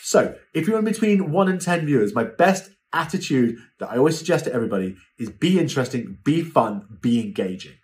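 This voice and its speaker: A man's voice: medium pitch, a little fast, few pauses. A young British man giving a chatty, casual lesson as a live-selling coach, often acting out voices as he explains. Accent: British English. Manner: chatty, animated, acts out quoted voices. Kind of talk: casual instructional talk.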